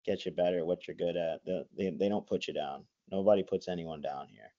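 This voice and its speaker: A man's voice: low-pitched, fairly even intonation, fairly quick, warm tone. A young man in his twenties, a college wrestler, chatting as a guest in a rambling way, full of likes and restarts. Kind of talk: casual interview. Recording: dull lo-fi sound.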